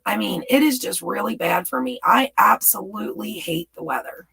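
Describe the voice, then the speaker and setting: Gravelly woman chatting casually. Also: mid-range voice, normal speed, sharp tone, poor audio. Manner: rambling, chatty, reads viewer comments aloud. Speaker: livestream host. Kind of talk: casual live chat with viewers.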